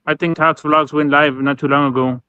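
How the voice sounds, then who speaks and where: A man chatting casually on a livestream as co-host, halting and restarting his sentences often. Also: fairly high pitch, little pitch movement, bright, forceful tone, clear, resonant tone, dry recording, highs cut off.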